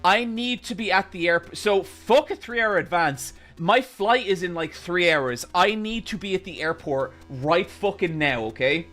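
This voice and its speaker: Male streamer, casual storytelling, swears a lot, exasperated, high voice, bright tone. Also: unhurried, hardly any pauses, faint music behind. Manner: animated, exasperated, swears constantly. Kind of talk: casual storytelling while gaming.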